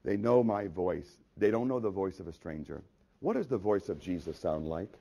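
A male pastor preaching a sermon, rising to loud reading of scripture and dropping to quiet prayer, pressing the congregation with repeated questions. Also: lively intonation, moderate pace, gravelly, lo-fi sound. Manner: swells loud on scripture then drops low and quiet. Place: church.

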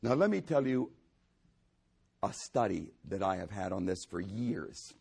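Male pastor, husky gravelly voice, lively emphatic sermon delivery. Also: deep voice, unhurried. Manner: animated, emphatic, builds to raised voice.

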